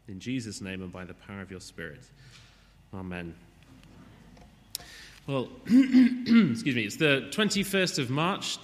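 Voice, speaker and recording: Male preacher, bright and forceful tone, relaxed joking asides. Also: a little high, in a large hall. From Wales. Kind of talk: sermon.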